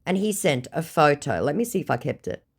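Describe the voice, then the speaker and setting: Brief: woman vlogger, lowish voice with a lively swooping delivery, dry and sarcastic. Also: fairly quick, breathy edge. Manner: sarcastic, exasperated, swears freely. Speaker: scam-baiting vlogger. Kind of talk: casual storytelling, reading chats aloud.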